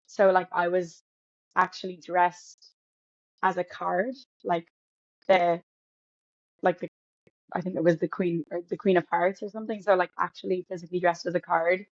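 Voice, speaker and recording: A woman's voice: on the low side, level tone, moderate pace, long pauses, no room sound. A young Irish woman, an actor, chatting casually as a podcast guest with lots of fillers and restarts. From Ireland. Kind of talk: casual interview chat. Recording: dull lo-fi sound, dry.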